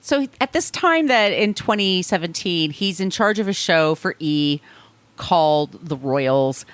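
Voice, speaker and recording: A woman co-hosting a casual podcast, chatting and reading a statement aloud, with profane asides and quick apologies. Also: fairly low pitch, lively intonation, no room sound. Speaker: podcast co-host.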